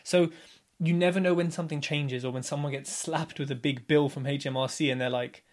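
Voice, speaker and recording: Man, thirties, casual podcast guest, slightly high voice, animated storyteller. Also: brisk. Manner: animated storyteller, acts out others' lines.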